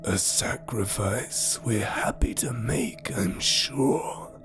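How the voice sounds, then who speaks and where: A man voicing an ancient, sinister male spirit that speaks through corpses, in a slow, menacing whisper over faint music. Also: mid-range voice, pitched above the performer's own voice, lightly acted. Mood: mocking.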